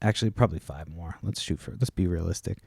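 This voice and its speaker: A man's voice: low-pitched, quick pace, creaky, darkish tone, breathy edge, no room sound, clean studio sound. A man hosting a solo podcast, telling stories casually with lots of swearing and acting out what other people said. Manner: casual, profane, acts out quoted people. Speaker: podcast host.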